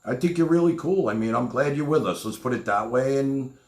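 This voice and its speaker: A man hosting a live call-in stream, talking in a rambling, halting way that breaks into loud excited outbursts. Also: medium pitch, echoey room. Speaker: host.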